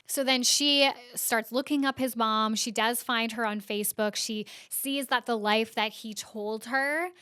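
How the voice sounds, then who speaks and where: Chatty woman with a smooth voice. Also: fairly high pitch, fairly even intonation, measured pace, few pauses, bright, forceful tone, no room sound, clean studio sound. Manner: chatty, lots of "like" fillers. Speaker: podcast host. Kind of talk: casual news recap.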